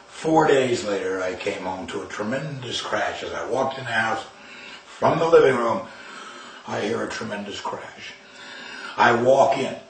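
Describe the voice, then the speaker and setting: Older man telling a story, roomy and distant. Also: medium pitch. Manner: anecdotal, emphatic, acts out quoted lines. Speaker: speaker on discipline and verbal judo. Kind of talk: storytelling talk. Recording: far from mic in a roomy space with faint noise.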